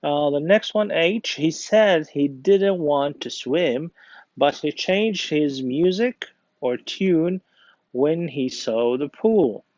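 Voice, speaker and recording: A man's voice: on the high side, expressive, takes it slowly, a little mellow, no room sound. A male English teacher with an Egyptian accent, patiently going through grammar exercises and praising the class. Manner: patient, encouraging, reads exercises aloud. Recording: dull lo-fi dry recording.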